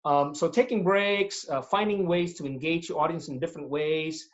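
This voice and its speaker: On a video-call webinar, a guest speaker on presentation skills answers interview questions with practical tips. His voice is a little high, his speed normal, and the audio dull, and he stays animated, demonstrating tones and voices to act out examples as he explains.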